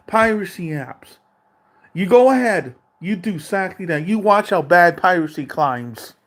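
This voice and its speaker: A man vlogging an angry, profane rant from a dark room at home, taunting and repeating himself. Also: sits high.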